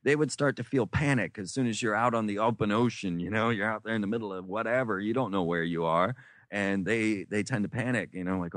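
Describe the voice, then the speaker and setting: A man's voice: fairly low pitch, brisk, a bit bright, no echo. A man from the United States telling meandering life stories in an interview, full of restarts and fillers. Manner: meandering, many restarts and fillers, acts out quoted voices. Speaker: interview guest. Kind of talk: rambling storytelling.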